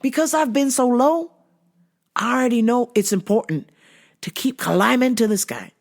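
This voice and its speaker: A woman's voice: fairly high pitch, animated, normal speed, vocal fry. A woman hosting a show, telling stories in a casual monologue, blunt and full of profanity. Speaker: host.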